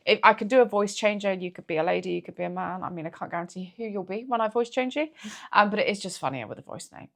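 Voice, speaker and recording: A woman's voice: mid-range voice, fast, creaky. Easygoing woman podcast co-host. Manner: easygoing, repetitive chatter. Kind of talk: casual chat.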